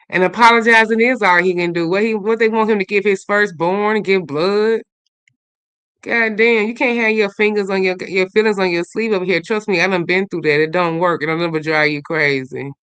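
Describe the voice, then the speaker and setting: A woman hosts a casual livestream, chatting and reacting to comments in a gossipy voice. Her tone is bright and forward, and the sound is close and dry with no room echo. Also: fairly low pitch, clean tone. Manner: chatty, gossipy, swings between loud and muttered. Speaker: livestream host.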